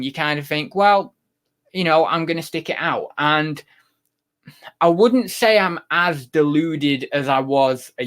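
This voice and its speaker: A man's voice: medium pitch, fairly bright tone. A man hosting a casual livestream, chatting loosely and reading viewer comments, rambling with many fillers and restarts. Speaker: livestream host.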